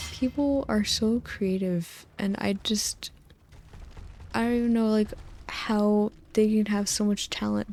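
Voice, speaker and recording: A young woman talks softly and slowly for a sleep-aid gaming video, close to a desktop mic. Her voice is mellow with a gravelly fry. She rambles from tangent to tangent with lots of "like" and often drops into a whisper. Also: medium pitch, a little hiss or hum. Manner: rambling and tangential, many "like"s, drifting into soft whispers. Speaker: gaming channel host. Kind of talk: soft-spoken sleep-aid rambling over gameplay. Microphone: desktop USB mic.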